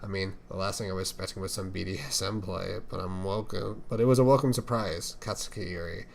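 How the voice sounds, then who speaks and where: A man's voice: low voice, fairly even intonation, fast talker, creaky, darkish tone, a little hiss or hum. A man reading the lines of an affectionate, teasing adult male figure skater in a fan fiction, in a fond, playful way.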